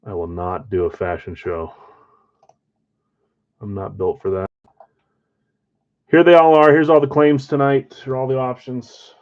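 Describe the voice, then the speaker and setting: A man's voice: medium pitch, fairly even intonation, a little slow, long pauses. Chatty self-mocking man, lo-fi stream. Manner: self-deprecating, chatty, talks to chat viewers. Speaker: live card break host. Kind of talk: casual live-stream chat. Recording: slightly dull lo-fi stream audio.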